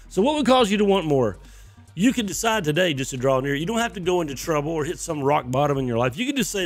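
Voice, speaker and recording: A man preaches in a conversational yet emphatic way, circling back over his phrases to drive each point home. His voice sits a little high for a man and carries a gravelly, fry-edged texture. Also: expressive, racing, faint music behind. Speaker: pastor. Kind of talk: sermon.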